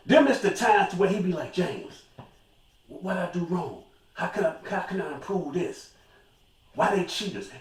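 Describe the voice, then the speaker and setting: A man's voice: high-pitched, a little mellow, recorded from a distance. Emphatic older man in an echoey room. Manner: emphatic, repeats phrases. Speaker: vlogger. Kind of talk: casual monologue to viewers.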